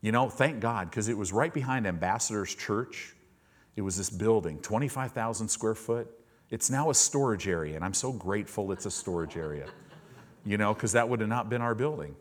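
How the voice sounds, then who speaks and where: An animated male pastor preaching to his congregation. His pitch swings widely as he tells stories and acts out the people he quotes, and listeners call back from the pews. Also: moderate pace. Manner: animated storytelling, acting out quoted voices. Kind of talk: sermon. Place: church service with congregation responding.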